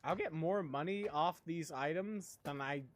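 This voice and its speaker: A man's voice: fairly high pitch, unhurried. A man streaming a video game, chatting casually as he plays, rambling and laughing often. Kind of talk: casual gameplay chat.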